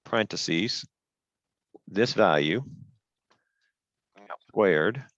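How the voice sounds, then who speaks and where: A man's voice: sits low, expressive, drawn-out words, fairly bright tone, dry recording, highs cut off. A man teaching an online class over a headset, explaining step by step in a patient way and stressing the rules firmly.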